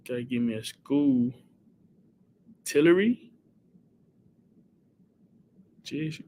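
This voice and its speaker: A man chats casually on his live stream, reacting to viewer comments with lively energy. His voice sits in a middle pitch for a man, and he keeps things loose and conversational while calling out names. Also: moderate pace, slight background noise. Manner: animated, reads viewer comments and gives shout-outs.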